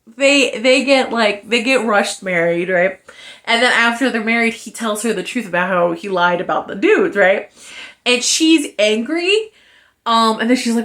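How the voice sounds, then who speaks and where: A woman chatting casually through a book review, animated, slangy and frank, acting out the characters' lines as she retells the plot. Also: on the high side, moderate pace.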